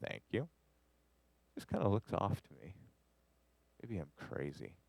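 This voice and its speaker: Rambling, low-voiced man teaching production. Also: big pitch swings, normal speed, vocal fry, a little mellow, no room sound. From Canada. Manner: rambling, jokey, talks to the audio as he edits. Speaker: music production instructor. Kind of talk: live studio master class.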